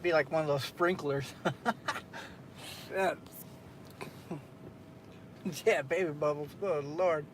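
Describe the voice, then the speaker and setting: A man's voice: on the high side, fairly even intonation, slow, pauses often, slight background noise. A young man hosting a casual late-night stream, telling a story in a loose, profane way with frequent laughs. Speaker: streamer host.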